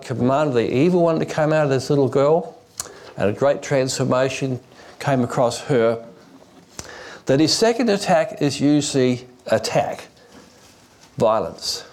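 A man's voice: on the high side, a little mellow. A male preacher giving an expository sermon, telling stories along the way with frequent restarts and fillers.

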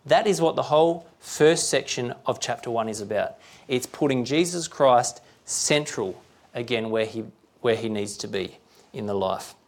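A man's voice: medium pitch, moderate pace. A man preaching a sermon, talking conversationally and checking in with rhetorical questions.

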